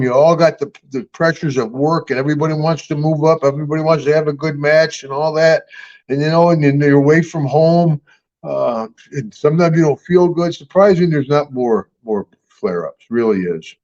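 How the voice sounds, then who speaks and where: A man's voice: on the high side, normal speed, a little mellow, dull audio. An older man telling rambling, folksy stories with frequent chuckles in a casual interview. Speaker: guest and star of the show.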